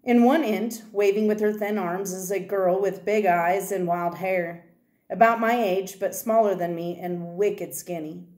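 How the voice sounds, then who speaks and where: A woman reading a children's novel aloud, telling the story in first person with steady delivery. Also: mid-range voice, a little slow. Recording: roomy echo.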